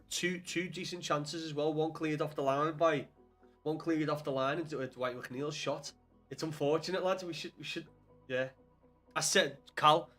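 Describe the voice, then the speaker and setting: A man's voice: on the high side, fairly bright tone. A young man with a Scouse accent chatting casually on a live stream about football, swearing often and calling viewers lad. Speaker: livestream host.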